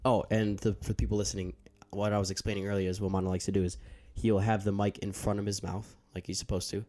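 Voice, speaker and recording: A man's voice: on the low side, little pitch movement, quick pace, mellow. A young man co-hosting a podcast in casual chat, explaining audio habits in a rambling, self-interrupting way into a handheld mic. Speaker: podcast co-host handling audio. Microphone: handheld microphone.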